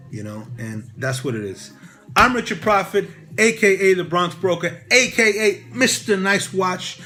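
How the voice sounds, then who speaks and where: A man's voice: high-pitched, lively intonation, moderate pace, pushed and bright, faint music behind. A man giving casual motivational advice to camera, rambling with many "you know" fillers. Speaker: real estate broker and channel host.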